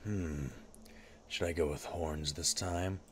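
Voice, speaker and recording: A man playing a gruff, wry male lizard-folk adventurer while he talks over a video game, with dry sarcastic asides. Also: deep voice, fairly even intonation, slow pace, slight background noise. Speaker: streamer. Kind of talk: in-character game commentary.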